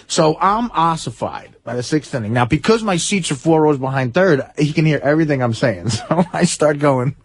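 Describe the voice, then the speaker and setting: A man's voice: fairly high pitch, animated, normal speed, hardly any pauses, husky. A man telling rowdy stories on a radio show, rambling and laughing through them. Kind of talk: rowdy storytelling.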